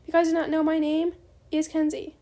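A young woman chatting bubbly and fast while playing a game, often saying bestie. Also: high-pitched, monotone, warm tone. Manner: bubbly, fast-talking, says bestie a lot. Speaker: gaming YouTuber. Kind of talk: casual gameplay commentary.

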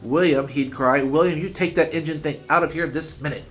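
A man reading aloud, voicing a boy who spins an excited daydream. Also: a little high, fairly quick, faint music behind, close to an everyday voice.

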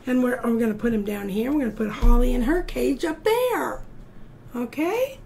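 A woman's voice: a little high, lively intonation, normal speed, vocal fry, a little mellow, slight background noise. A woman teacher reading a story and leading a drawing lesson for young children, in a singsong, encouraging way. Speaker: art teacher.

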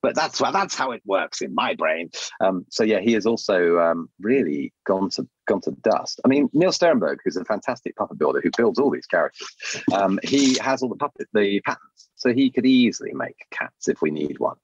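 Low husky man telling stories. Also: no room sound. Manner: lively, animated storytelling with quick voice changes. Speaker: guest, puppeteer and voice artist. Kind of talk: casual interview chat. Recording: dull lo-fi dry sound.

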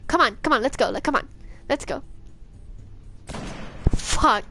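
A woman's voice: high-pitched, slow pace, pauses often, sharp tone, slightly rough. A young woman streaming a video game, cursing, panicking and taunting enemies as she plays. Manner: profane, jumpy, talks back to enemies. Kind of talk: live gameplay commentary.

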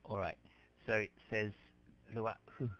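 A man teaching an English class, explaining words slowly and patiently to his students. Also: lowish voice, fairly even intonation, a bit bright. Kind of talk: classroom lecture. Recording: dull lo-fi lecture recording.

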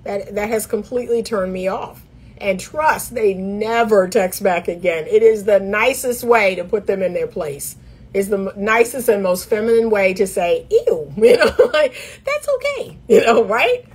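A middle-aged woman, a dating coach, giving emphatic, sassy dating advice straight to camera, laughing often and mimicking others in a high voice. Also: breathy edge.

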